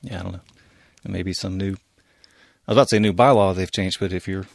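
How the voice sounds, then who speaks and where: Podcast co-host, male, very deep gravelly voice, halting chatty delivery full of fillers; dry room. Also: no echo. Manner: hesitant, uses many fillers like "like". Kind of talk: casual chat.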